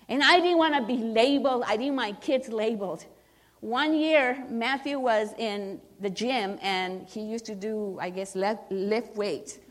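A woman's voice: a little high, animated, a little slow. A middle-aged woman speaking earnestly as she gives a personal testimony at a church service, often restarting her sentences for emphasis. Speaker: church member giving testimony.

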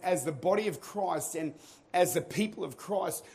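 A male pastor delivers a sermon in a church. His voice sits fairly high for a man. He moves from calm, hushed passages to booming, shouted exhortation. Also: normal speed, vocal fry. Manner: builds from quiet teaching to shouted preaching. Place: church auditorium.

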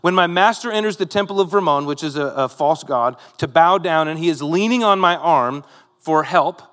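In a large, echoing space, a man with a fairly high, fairly bright voice delivers a sermon at a moderate pace. As pastor, he recounts a Bible story in a conversational style, turning to the congregation with rhetorical asides.

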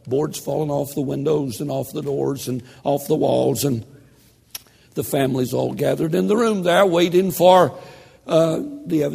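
An older man preaching a sermon, telling a story in a slow, dramatic delivery that drops to a hush. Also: a little high, creaky, breathy edge, in a large hall.

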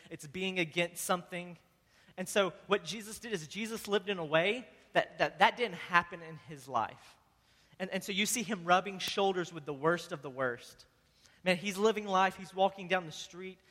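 A man delivers a sermon in an easygoing, heartfelt way, stumbling over repeated words and peppering his talk with "man." His voice sits high and sounds bright and forward. It rings out with a long reverb, as if in a large hall. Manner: casual, earnest preaching with frequent "man" and repeated words. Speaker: pastor.

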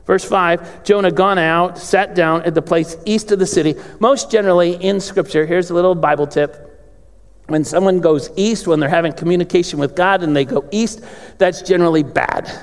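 A man preaching a sermon in a large church, his voice high with a rough, gravelly edge. He tells the story by acting out the characters' lines, swinging from quiet asides to loud outbursts. The sound carries a long reverb from the hall. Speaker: pastor. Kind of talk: sermon with acted-out Bible dialogue.

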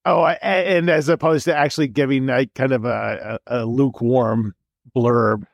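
A man hosting an interview podcast over a video call, talking animated and curious with many stumbling restarts. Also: medium pitch, normal speed, creaky, no room sound, highs cut off. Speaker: podcast host. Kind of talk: casual interview chat.

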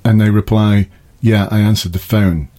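Chatty ex-police man, lowish voice. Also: steady tone, moderate pace, warm tone. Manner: chatty, laughs at his own jokes. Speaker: podcast host, former police officer. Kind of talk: casual advice talk. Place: garden summer house.

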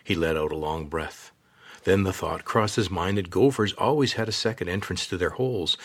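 A man narrates an adventure story in steady, measured audiobook style. His voice sits deep and a little husky. He reads evenly and clearly.

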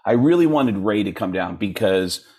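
A comedian and impressionist telling stories in an animated way, slipping into voices for the people he quotes. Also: normal speed, husky. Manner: acts out voices in quoted dialogue, jumping high and low.

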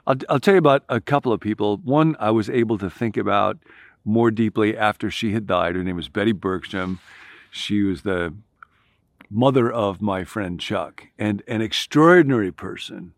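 A man's voice: fairly low pitch, vocal fry, no echo, clean studio sound. A man preaching a sermon, building his points through emphatic repetition. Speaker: pastor.

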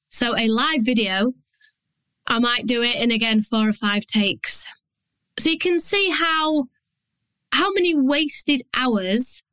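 A woman's voice: on the high side, fairly bright tone, no echo, low-quality recording. Blunt Yorkshire woman podcasting. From Yorkshire, England. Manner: blunt, down-to-earth, chatty with mild swearing. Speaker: business coach and podcast host. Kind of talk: solo podcast monologue.

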